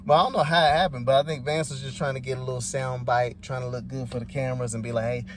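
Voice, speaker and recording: A man's voice: mid-range voice, steady tone, fast talker. A man giving rambling, laid-back, slangy commentary as a vlogger. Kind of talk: casual commentary.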